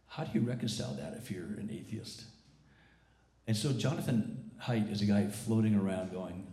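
A male pastor preaching a sermon conversationally, his voice roughened from a recent illness, with frequent restarts and repeated words. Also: on the low side, expressive, normal speed, mellow. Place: church service. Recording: echoey church sanctuary.

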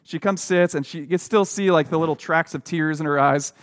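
A middle-aged man delivers a sermon, speaking earnestly and conversationally, and he often pauses on fillers and restarts his sentences. His voice sits somewhat higher than most men's. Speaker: pastor. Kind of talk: sermon with personal storytelling.

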